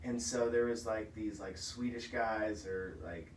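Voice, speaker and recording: A man's voice: on the low side, fairly even intonation, unhurried, reverberant, far from the mic, slight background noise, poor audio. A man co-hosting a casual food podcast, telling stories with enthusiasm and laughing easily. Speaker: podcast co-host. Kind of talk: casual chat. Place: office.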